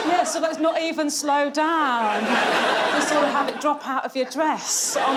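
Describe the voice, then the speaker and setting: A woman's voice: sits high, unhurried, long pauses, a loud crowd, very noisy. A woman doing a stand-up set on a comedy show, chatty, giggly and self-deprecating.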